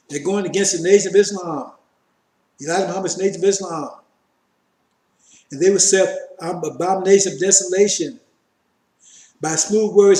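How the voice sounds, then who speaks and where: A man's voice: high-pitched, a little mellow, reverberant. A man preaching a fiery sermon on scripture, repeating his points emphatically and addressing listeners as brothers. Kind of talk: fiery street-style sermon.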